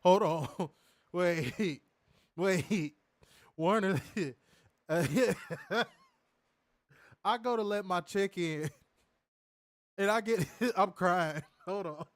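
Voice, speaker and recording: A man's voice: high voice, extremely slow, long pauses, no echo. Laughing, loose-talking young man. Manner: laughs hard, loose and profane. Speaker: podcast co-host. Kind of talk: casual chat.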